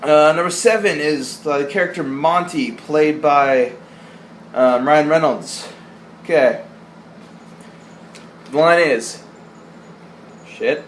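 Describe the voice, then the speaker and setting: Slightly high-voiced and slow, with frequent pauses, a young vlogger casually ranks his favorite movie lines. He jokes, curses, and puts on goofy voices for each quote, over slight background noise.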